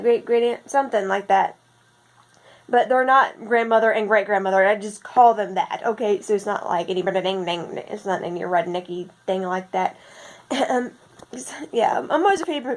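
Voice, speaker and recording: A young woman, rambling in a casual vlog with a husky just-woke-up voice and lots of self-corrections. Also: sits high. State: husky morning voice. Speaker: vlogger.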